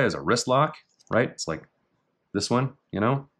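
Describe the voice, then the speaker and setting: A middle-aged man casually talking through techniques in a martial arts book, with dry offhand asides and slow, halting reading of foreign terms. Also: medium pitch, animated, a bit bright, breathy edge. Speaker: jiu-jitsu instructor reviewing a technique book. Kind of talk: casual commentary.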